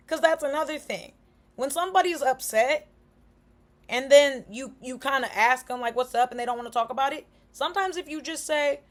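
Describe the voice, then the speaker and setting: A young woman with a high voice talks straight to camera in a loose, casual way. She is frank and animated, uses slang, and often slips into short acted-out quotes of other people's remarks. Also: moderate pace. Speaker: vlogger.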